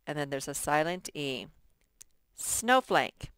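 A woman's voice: low voice, expressive, slow, a bit bright, clear, resonant tone, no room sound. A woman teaching a first-grade workbook lesson, patiently sounding out words for young children.

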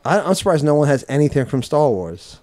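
A man co-hosting a casual podcast, acting out movie lines in lively bursts. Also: on the high side, fairly quick. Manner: animated, acts out movie quotes in bursts. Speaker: podcast co-host. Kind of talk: casual chat.

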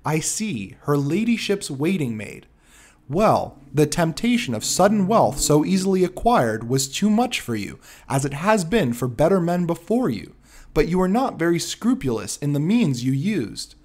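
A man's voice: on the high side, very animated, normal speed. A man doing a stern, cool detective. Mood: coolly accusing. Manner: stern, quietly authoritative. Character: cool, commanding male detective, sharp and dry.

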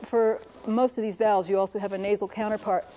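A woman's voice: medium pitch, level tone, quick pace, mellow. A middle-aged woman linguist giving a patient, lightly humorous lecture on writing systems. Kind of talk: classroom-style lecture.

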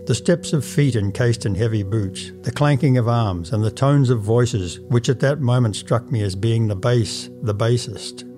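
Mellow male audiobook narrator. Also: mid-range voice, soft background music. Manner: measured, formal storytelling in first person.

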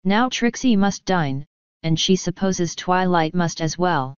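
A woman's voice: on the low side, animated, measured pace, clean tone, no echo. A woman voicing a boastful female unicorn showmare who speaks of herself in the third person, in a storybook reading. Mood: haughty. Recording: dull lo-fi dry recording.

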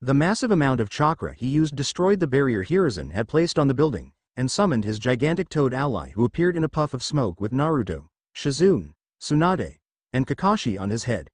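A man reading a fan fiction story aloud as narrator, in an expressive way. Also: mid-range voice, fairly quick, no room sound.

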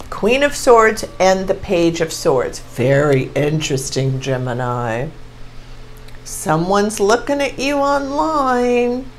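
A woman in her sixties giving a casual tarot reading to camera, excitable and gushing as she exclaims over each card. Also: medium pitch, a little hiss or hum, poor audio. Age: 60s. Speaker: tarot reader.

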